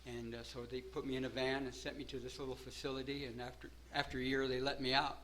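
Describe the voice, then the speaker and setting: An older man from Southern California telling his personal recovery story at a meeting, rambling at first, then growing animated and laughing. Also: mid-range voice, quick pace, slight background noise, rough recording.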